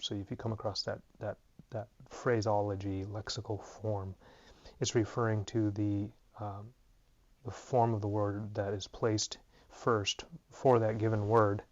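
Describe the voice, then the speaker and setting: A man's voice: fairly low pitch, flat delivery, unhurried, dry recording. A tired man teaching a casual Greek grammar lesson, thinking aloud with plenty of ums and uhs. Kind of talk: unscripted lesson. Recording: dull lo-fi recording.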